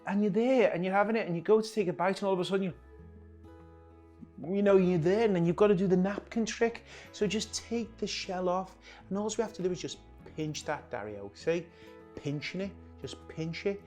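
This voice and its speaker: A man's voice: sits high, fairly quick, a little mellow, faint music behind. A man hosting a cooking demonstration, chatty and joking, often talking to his cameraman. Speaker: chef hosting a cooking show.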